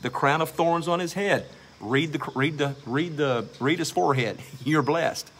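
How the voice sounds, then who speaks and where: A man's voice: on the high side, measured pace, a bit bright, breathy edge. A man preaching a sermon as pastor, emphatic and exhorting, repeating phrases for stress.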